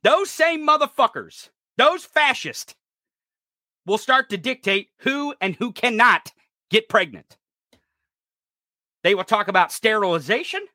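Furious podcast host, male, profane shouting rant, bright edgy voice. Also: high voice, animated, unhurried, long pauses, no echo, studio quality. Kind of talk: political rant.

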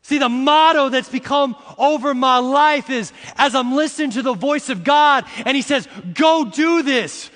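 A middle-aged man preaches in a high, bright voice, drawn out and deliberate, swelling into shouted lines. His words ring with the long reverb of a large hall. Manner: preaching with rising shouts and slow emphatic repetitions; uses "y'all" and "see" to address the congregation. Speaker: pastor. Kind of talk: sermon.

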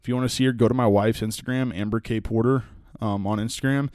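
A man's voice: medium pitch, fairly even intonation, quick pace, darkish tone, clear, resonant tone, dry recording, clean studio sound. A young man with a Texan accent from West Texas, hosting a casual solo podcast, rambling through folksy stories with plenty of fillers. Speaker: podcast host and hunting guide.

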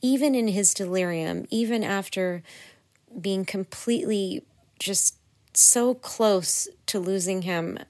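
A woman hosts her own solo podcast, talking casually yet earnestly with plenty of fillers and little laughs. Her mid-range voice is slow and has a darkish tone.

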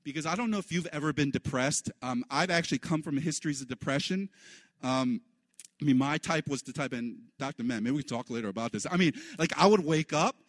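A man preaching a sermon in an animated way, his voice leaping up high for the lines he quotes. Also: brisk, no room sound. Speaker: pastor.

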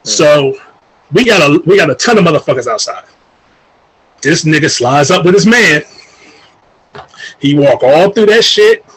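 A man casually telling a long story, animated and profane, acting out what people said. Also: on the high side, unhurried, pauses often, slightly rough, rough recording. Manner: animated, profane, acts out quoted voices.

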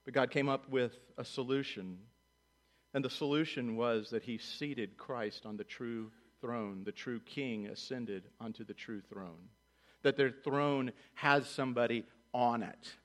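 A man preaching a sermon as pastor, animated, acting out quoted voices and dropping low and quiet for solemn lines. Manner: animated, acts out voices of God and children in quotes.

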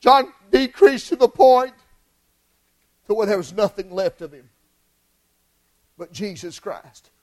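A male preacher delivering an impassioned sermon in church, swinging from hushed lines to shouted ones. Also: sits high, lively intonation, slow pace, pauses often, rough recording.

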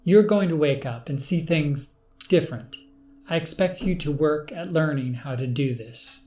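A man voicing a calm, commanding clone. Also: on the high side, moderate pace, lightly acted. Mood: assured. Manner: smiling, assured, cryptic. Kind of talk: audiobook reading.

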